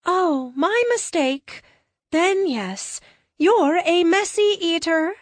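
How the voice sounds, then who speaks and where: A woman voicing a gentle, literal-minded blonde alien woman who speaks softly and slowly. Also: extremely high pitch, animated, no room sound, voice pushed up, heavily acted. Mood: reassuring.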